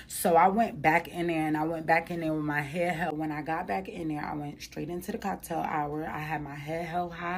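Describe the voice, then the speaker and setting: A woman's voice: sits low, fairly even intonation, normal speed, hardly any pauses. A young woman earnestly recounting a painful personal experience in a heartfelt, colloquial way. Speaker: makeup artist. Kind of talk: emotional personal storytelling.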